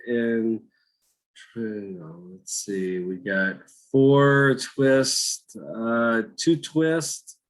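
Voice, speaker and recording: A man teaching a cooking class over a video call, talking slowly with many fillers and restarts. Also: medium pitch, a bit bright, poor audio. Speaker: cooking instructor.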